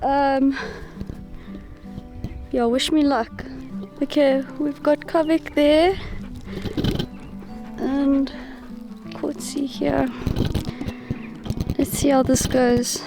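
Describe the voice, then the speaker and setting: A woman's voice: high-pitched, steady tone, very slow, pauses often, over music. A woman vlogging casually outdoors in the bush on a handheld camera, chatty and swearing freely, giving firm commands to her dogs. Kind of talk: casual outdoor vlog narration.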